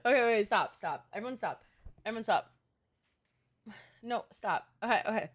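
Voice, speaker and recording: Young woman streamer, excitable and giggly, pleading with chat; high, very lively voice. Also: normal speed. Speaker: game streamer. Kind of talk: live gaming stream chat.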